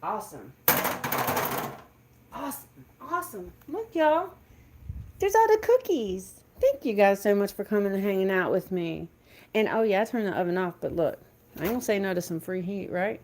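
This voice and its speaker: A woman's voice: medium pitch, lively intonation, brisk, a little mellow. A woman, chatting casually on a livestream from her home kitchen, laughing often. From Southeastern Virginia. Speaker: vlogger.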